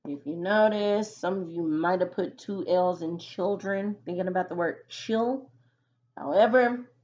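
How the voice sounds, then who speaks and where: A woman's voice: medium pitch, lo-fi sound. A woman teaching a phonics lesson to children, patiently sounding out letters and syllables one by one.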